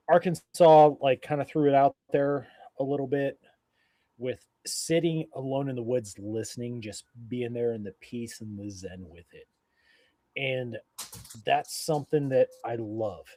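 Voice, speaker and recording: A man's voice: mid-range voice, darkish tone, no room sound. Rambling, profane man, slightly drunk. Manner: rambling, profane, loose and tipsy. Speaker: co-host of a live beer-tasting stream. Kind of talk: casual drinking-stream chat.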